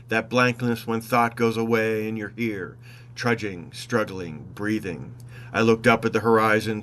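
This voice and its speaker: A man with a fairly low voice reads his own travel story aloud, unhurried and reflective. He wanders off into wry asides and sometimes corrects himself mid-line, over a faint hum in the background. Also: fairly bright tone. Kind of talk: first-person travel story narration.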